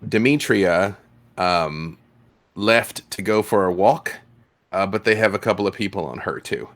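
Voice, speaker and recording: A man with a somewhat low voice running a tabletop game as game master. He talks casually and rambles with plenty of fillers. The sound is dry and close. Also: measured pace, fairly bright tone, no echo.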